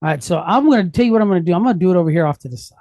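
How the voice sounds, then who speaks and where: A woman's voice: on the low side, lively intonation, racing, mellow, dry recording. A woman teaching a Hebrew lesson, going patiently step by step and asking questions that she then answers herself. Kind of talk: classroom lesson.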